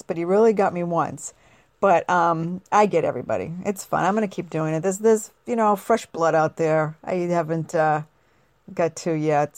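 A woman's voice: fairly low pitch, a little mellow, no echo. Middle-aged woman radio host from New England, chatty and laughing a lot, dry close sound. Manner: chatty, laughs often, acts out quoted lines. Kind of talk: casual chat.

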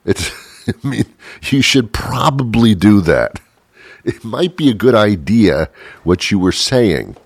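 Man, very deep voice, lively swinging pitch, sarcastic comedic monologue, dry close sound. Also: dry recording. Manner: sarcastic, ranting, chuckling.

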